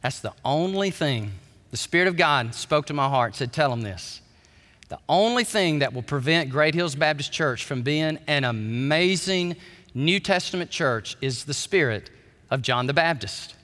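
A man preaching a sermon as pastor, animated, dropping low and soft and then climbing high and loud. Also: a little slow. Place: church sanctuary. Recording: church hall reverb.

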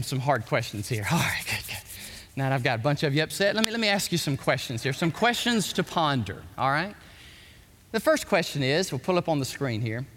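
A male pastor preaching a sermon, with animated shouts and quick drops to asides. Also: fairly high pitch, in a large hall.

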